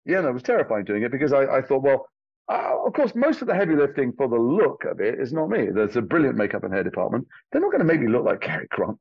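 An English actor, a man speaking with a mix of Liverpool and London accents, tells stories with animation during an interview and swears casually. His voice is mid-range, gravelly and husky. The recording is muffled, with no room sound.

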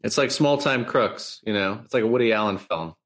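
A low-voiced male journalist gives analysis as a podcast guest. He talks loosely, correcting himself and circling back mid-sentence. An occasional curse slips into the explanation. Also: fairly quick, fairly bright tone. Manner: rambling, self-correcting, occasional swearing. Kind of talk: casual analytical chat.

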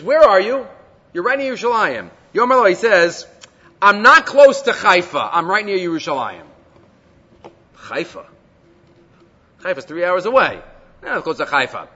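A man teaching a Torah class, reading a text aloud, translating it, and asking rhetorical questions in an animated way. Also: high-pitched, breathy edge. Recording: dull lo-fi recording with long reverb.

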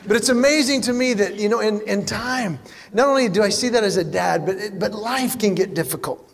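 A man doing stand-up comedy, telling animated stories and acting out the voices of the people in them. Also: high voice, slight background noise. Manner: animated storytelling, acts out voices. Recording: live hall with audience.

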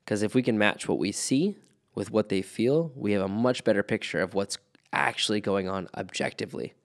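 Low-voiced man listing movement terms. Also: normal speed, creaky. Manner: methodical, lists terms step by step. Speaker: movement practitioner. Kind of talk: conversational explanation.

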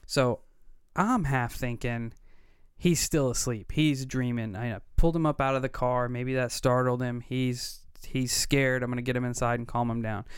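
A man in his thirties with a smooth, clean voice, telling a story in an earnest, animated way and playing out the dialogue. His voice sits in a middle range and sounds dry and close, with no room around it. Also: mid-range voice, unhurried, no room sound. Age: 30s. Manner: earnest, vivid retelling with quoted dialogue. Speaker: podcast co-host. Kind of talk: casual storytelling.

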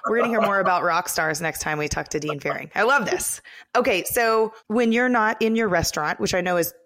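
A woman's voice: mid-range voice, fairly bright tone. A woman interviewing a chef on a podcast, asking friendly questions and reacting to his stories. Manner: friendly questions, quick to laugh along.

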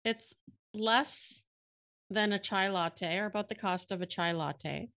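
A woman's voice: mid-range voice, takes it slowly, a bit bright. A middle-aged woman with a Canadian accent co-hosting a podcast, chatting in an upbeat, inviting way. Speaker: podcast co-host. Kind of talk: casual chat.

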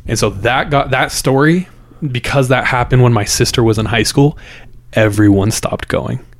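A man's voice: medium pitch, moderate pace, no room sound. A man hosting a podcast, telling a story in a loose, conversational way, repeating words and using fillers. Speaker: podcast host. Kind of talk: casual spoken storytelling.

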